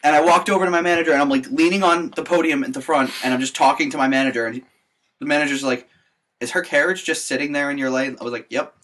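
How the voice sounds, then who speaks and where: A young man co-hosting a podcast, telling work stories in an animated, casual way. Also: fairly high pitch, quick pace. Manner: animated storyteller. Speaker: podcast co-host. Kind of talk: casual chat.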